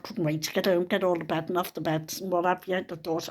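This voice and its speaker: A woman's voice: on the low side, flat delivery, quick pace, hardly any pauses. An older woman, telling rambling stories in a casual monologue, with plenty of swearing. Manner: rambling, chatty, salted with swearing. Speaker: vlogger.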